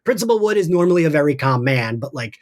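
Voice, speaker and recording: Chatty podcast host, recaps with quoted bits, mid pitch, laughs easily. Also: sing-song, fast. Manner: chatty, retells scenes in voices, laughs often. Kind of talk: casual podcast discussion.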